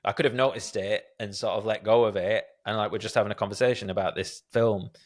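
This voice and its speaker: Podcast host guy, lowish voice, stammers and restarts a lot, kinda self-deprecating. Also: steady tone, quick pace. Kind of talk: casual podcast conversation.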